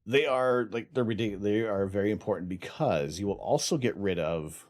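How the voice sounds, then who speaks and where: A man's voice: lowish voice, normal speed, darkish tone. A man from Canada hosting a casual livestream, rambling through viewer questions with many restarts. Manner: rambling, reads out chat, lots of restarts. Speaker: livestream host.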